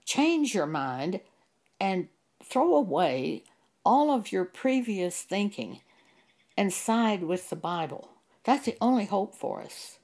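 A woman preaching a sermon at an unhurried, drawn-out pace. Her delivery is deliberate and emphatic, stressing each word and stopping to cite chapter and verse. Her voice sits at a middle pitch for a woman. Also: very animated, darkish tone. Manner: slow, deliberate and emphatic, citing scripture verses.

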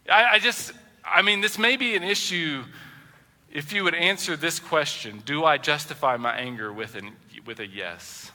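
Animated male pastor in a reverberant hall. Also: mid-range voice. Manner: animated, acts out quoted voices, swings loud and soft. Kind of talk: sermon. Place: church sanctuary.

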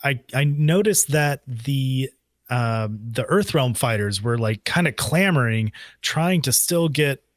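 A man's voice: medium pitch, lively intonation, takes it slowly, dry recording, studio quality. A man co-hosting a podcast in casual chat, talking hesitantly with many fillers and restarts. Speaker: podcast co-host.

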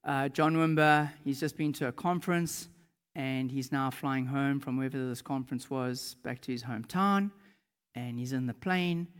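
Guy preaching in a church hall, lots of echo, tells stories and gets loud in the big parts. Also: mid-range voice. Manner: animated storytelling, shouting in reenactments. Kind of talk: sermon with personal stories. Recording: long hall reverb.

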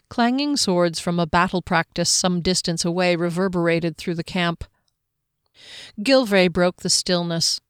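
Audiobook narrator, fantasy story, measured reading, smooth voice, dry close mic. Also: medium pitch, no room sound.

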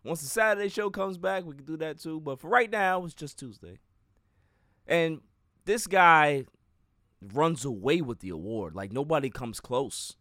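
A man's voice: fairly high pitch, expressive, measured pace, a bit bright, no room sound, faint music behind. A man hosting a sports podcast, ranting emphatically and repeating words as he builds each point. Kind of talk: casual sports talk.

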